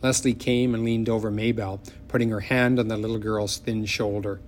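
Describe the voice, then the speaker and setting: A man narrating an audiobook in a measured, expressive way. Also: on the low side.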